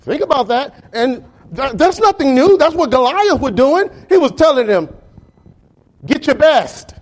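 A man preaching a sermon as pastor, talking straight to his congregation in an animated way. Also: very high-pitched, moderate pace, rough recording.

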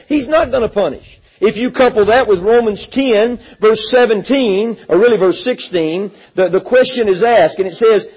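Husky-voiced man preaching with emphatic repetition. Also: high-pitched, darkish tone, rough recording. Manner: emphatic, repeats words, reads scripture aloud. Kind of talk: sermon.

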